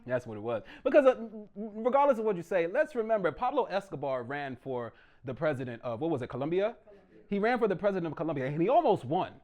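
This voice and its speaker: A man performs stand-up comedy in a small, intimate room. His voice sits high and swings widely in pitch. He talks loudly and keeps dropping into mock voices for the people in his jokes. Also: very animated, fast talker.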